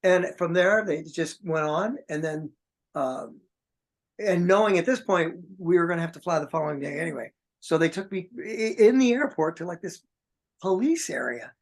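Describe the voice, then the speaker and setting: This man's voice sits high and moves at a normal speed as he appears as an interviewed guest musician. He rambles through a long story, restarting often and performing the quoted voices in a casual storytelling style.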